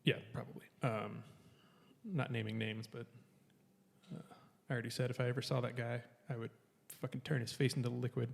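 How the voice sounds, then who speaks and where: A man with a mid-range, creaky voice tells a long story on a casual podcast, speaking briskly and flatly while a long reverb tail trails his words. He swears often, laughs between lines, and animatedly acts out what other people said.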